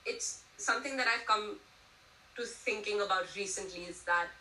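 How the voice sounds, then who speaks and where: A woman's voice: mid-range voice, moderate pace, bright, forceful tone, a little hiss or hum. A young woman in her twenties from India, speaking as an interview guest, telling stories animatedly and using many "you know"s. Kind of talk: casual conversational interview. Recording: echoey room, distant mic, faint ambience.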